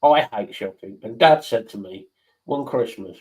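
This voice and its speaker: A man's voice: lowish voice, a little slow, low-quality recording. A man who hosts a casual stream chat and tells blunt, swearing stories. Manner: swearing, blunt, animated storyteller. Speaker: stream host.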